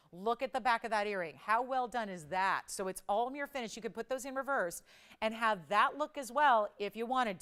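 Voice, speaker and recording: Tv shopping host lady, smooth clear voice, gushing and pushy about jewelry. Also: mid-range voice, a bit bright. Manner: enthusiastic, urgent, gushing. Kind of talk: live TV sales pitch.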